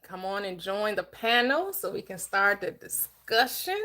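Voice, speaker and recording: An upbeat woman hosts a live-streamed book club at a steady middle pitch. She greets people in quick repeated bursts and keeps the talk lively and friendly. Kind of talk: live-stream chat and discussion.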